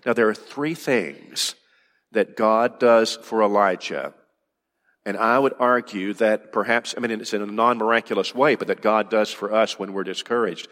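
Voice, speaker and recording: A man's voice: on the low side, moderate pace, a bit bright, in a large hall. A man preaching a sermon with earnest emphasis, often repeating words and dropping to a near-whisper for effect. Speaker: pastor.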